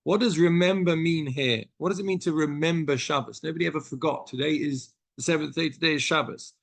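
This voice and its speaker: A gravelly, slightly bright male voice, a little high and a little quick, with a British English accent. He teaches text study as a rabbi, reading passages out and unpacking them through stories in an earnest, explanatory manner.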